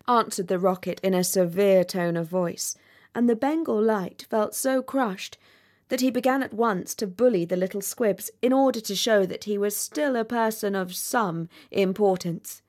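A woman narrating a storybook aloud in a measured, expressive reading. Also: medium pitch.

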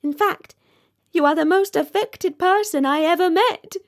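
Brief: woman voicing a sharp-tongued firework, high-pitched and mocking, slow delivery. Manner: mocking, tart. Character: sharp-tongued storybook Bengal Light firework.

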